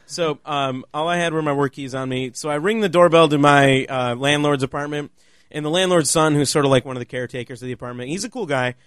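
A man's voice: a little high, quick pace, clean tone, no echo, clean studio sound. A man co-hosting a casual podcast chat, rambling and correcting himself as he tells a story. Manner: rambling, restarts, self-correcting. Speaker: podcast co-host.

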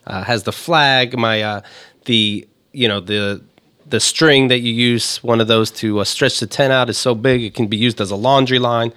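A man's voice: medium pitch, fairly even intonation, moderate pace, bright, forceful tone, smooth. A man co-hosting a casual chat, making dry joking asides.

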